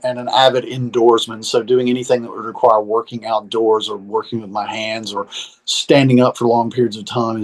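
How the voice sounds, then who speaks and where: A man's voice: medium pitch, poor audio. A man with a Southern US accent, chatting casually as a podcast co-host, rambling and self-deprecating with many restarts. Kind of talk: casual phone chat.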